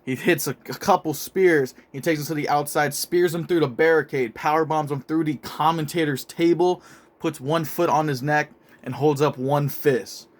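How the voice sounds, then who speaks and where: A young man casually narrating a made-up wrestling storyline in an excitable, profane play-by-play manner. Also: a little high, normal speed. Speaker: show host narrating a toy wrestling storyline.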